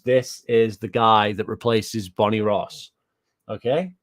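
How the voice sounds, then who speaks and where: A man's voice: on the low side, fairly even intonation, measured pace. Profane British man ranting about games. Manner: ranting, profane, repeats himself, answers live chat. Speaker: gaming commentator. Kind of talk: casual reaction commentary.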